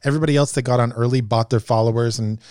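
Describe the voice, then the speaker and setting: A man's voice: medium pitch, fairly even intonation, rapid-fire, a little mellow, clear, resonant tone, no room sound, clean studio sound. A man as a guest in a casual chat, telling earnest, self-deprecating stories. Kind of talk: casual storytelling.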